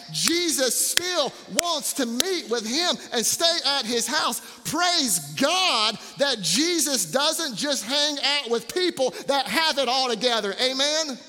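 A male campus pastor preaching a sermon in an animated, joking way, repeating words for emphasis. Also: extremely high pitch, long reverb tail.

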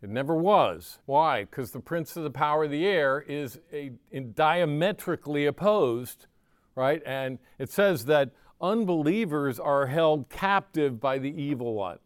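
Animated older man preaching a sermon. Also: fairly high pitch, measured pace, smooth, dry recording, clean studio sound. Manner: animated, asks the audience "right?" often, acts out quoted voices. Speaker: pastor.

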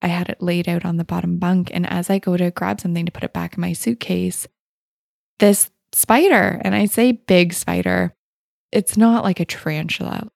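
Female podcast host, casual storyteller, animated delivery, gravelly edge, dry close sound. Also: fairly low pitch, moderate pace, dry recording. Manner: animated, laughing often, voices others in quotes.

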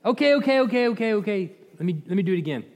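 A man's voice: high voice, expressive, very fast, voice pushed up. A man voicing a flustered, greedy seer who hastily placates his paymaster. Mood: placating. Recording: echoey hall reverb.

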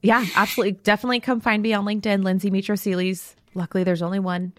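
A woman guest in her thirties telling a story in a casual chat, animated and acting out other people's lines. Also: mid-range voice, racing, no room sound, studio quality. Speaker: podcast guest.

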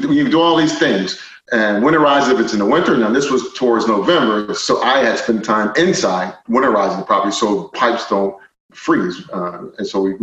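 A man telling a personal story as a podcast guest, animated, moving from quiet stretches to loud indignant retellings. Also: fairly low pitch. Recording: roomy, slightly dull podcast audio.

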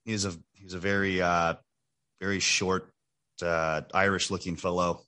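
Co-host: low-pitched man with a bright, forceful edge, relaxed offhand chat. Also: unhurried, clean tone. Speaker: podcast co-host. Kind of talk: casual podcast chat.

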